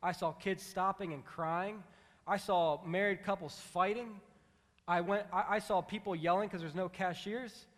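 A man preaching a sermon in a large church hall, telling stories in an animated, conversational way and acting out quotes. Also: high-pitched, a little slow. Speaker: pastor. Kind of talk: storytelling sermon.

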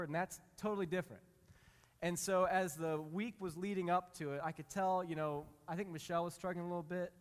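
Male pastor preaching, kinda high voice, honest and self-mocking, long echo from a big church hall. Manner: reads scripture slowly, then tells a story in a candid, self-mocking way. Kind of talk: sermon.

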